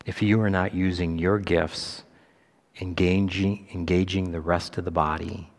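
A man's voice: little pitch movement, a little slow. Emphatic man preaching in a reverberant church. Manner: emphatic preaching, climbing high on Scripture quotes. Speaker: pastor. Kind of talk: sermon. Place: church sanctuary.

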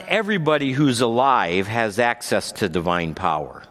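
A pastor preaching a sermon, moving between calm storytelling and raised, emphatic points. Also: male voice, mid-range voice, moderate pace, few pauses. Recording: long hall reverb.

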